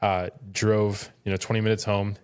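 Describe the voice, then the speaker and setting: A man with a fairly low voice co-hosts a podcast in a relaxed, casual way. He rambles and fills his sentences with plenty of "like" and "um." His tone stays friendly and conversational throughout. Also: normal speed, clean tone. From Florida. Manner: rambling, chatty, lots of fillers. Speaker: podcast co-host. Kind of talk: casual chat.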